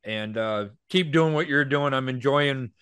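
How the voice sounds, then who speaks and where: A man's voice: mid-range voice, a little slow, a bit bright, clean tone, dry recording, clean studio sound. A man co-hosting a podcast in casual chat, easygoing and full of fillers as he thanks his guests and sponsors. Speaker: podcast co-host.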